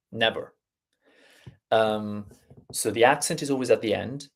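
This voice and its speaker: A man with an Italian accent, a native Italian speaker, teaching Italian pronunciation in a live stream and explaining patiently step by step. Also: lowish voice. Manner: unhurried, explains step by step, repeats words slowly.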